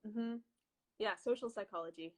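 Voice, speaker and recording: Young woman guest, casual and a little halting, on a video call. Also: medium pitch, low-quality recording. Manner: friendly, hesitant, many ums and restarts.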